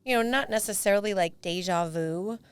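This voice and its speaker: A woman's voice: mid-range voice, brisk, clear, resonant tone, no echo. A woman guest on a podcast, chatting casually with playful banter and easy laughter. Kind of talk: casual chat.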